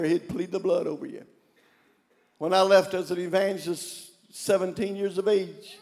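High-voiced older man preaching with fervor. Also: creaky, big-room sound. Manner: impassioned preaching, shouted refrains. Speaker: pastor. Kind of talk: sermon. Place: church sanctuary.

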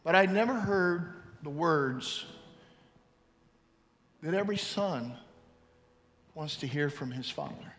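A man in his fifties preaching a testimony-style sermon, his voice bright and forceful, a touch higher than most men. He swings between loud calls and hushed storytelling. The sound rings in a large church hall with a faint hum of ambience. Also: expressive, slow, pauses often. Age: 50s. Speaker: pastor.

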